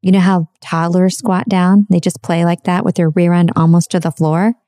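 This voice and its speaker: Warm, low-voiced woman telling a story. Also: level tone, dry recording. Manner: earnest, repetitive, slows for emphasis. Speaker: speaker sharing a personal story. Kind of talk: confessional personal storytelling.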